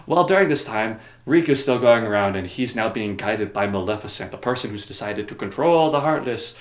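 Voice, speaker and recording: A man's voice: on the low side, moderate pace. A man casually rambling through a comedic story summary, jokey and offhand, recorded in a roomy space. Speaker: video creator. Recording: roomy echo.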